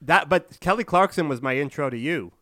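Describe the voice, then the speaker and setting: Halting man co-hosting a podcast. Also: a little high, animated, a bit bright, dry recording, studio quality. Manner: hesitant, halting, with restarts. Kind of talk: casual chat.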